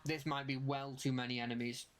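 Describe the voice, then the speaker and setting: A young adult game streamer with a mid-pitched voice narrates live gameplay in a flat delivery, muttering to themselves and rapidly repeating the same spell call. Almost every sentence rises at the end like a question, over slight background noise.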